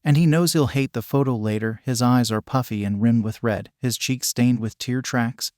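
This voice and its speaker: A man narrating a fan fiction story in a steady, scripted storytelling manner. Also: medium pitch, moderate pace, no echo, clean studio sound.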